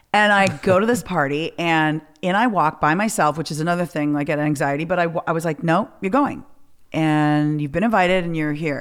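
Middle-aged woman host, animated storyteller, cusses a lot, does voices for quotes. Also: deep voice. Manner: animated, swears freely, acts out quotes. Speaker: podcast host. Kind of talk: casual storytelling chat.

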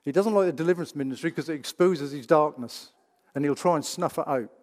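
A man's voice: a little high, fast talker. A man preaching a sermon in a church, emphatic and full of rhetorical questions. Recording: reverberant church hall.

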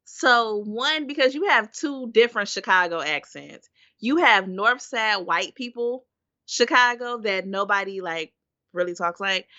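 A woman's voice: mid-range voice, measured pace, pushed and bright, no echo, lo-fi sound. A woman co-hosting a podcast, chatting candidly and animatedly and laughing easily. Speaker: podcast co-host. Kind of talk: casual chat.

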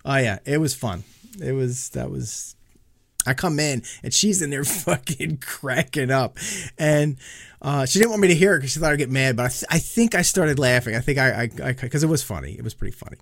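This man co-hosts a laid-back podcast, swearing a lot as he tells stories and performs his own fits of rage. His voice is medium-pitched, fairly quick and creaky, captured dry at studio quality.

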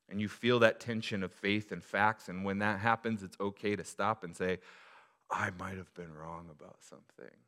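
A male pastor preaching a sermon to his church, moving from quiet reflection to loud, emphatic appeals. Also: sits low, smooth.

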